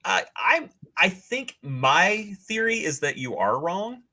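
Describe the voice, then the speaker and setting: A man's voice: sits high, very animated, takes it slowly, bright, forceful tone. A man co-hosting a podcast in casual chat, enthusiastic and teasing about spoilers. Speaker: podcast co-host.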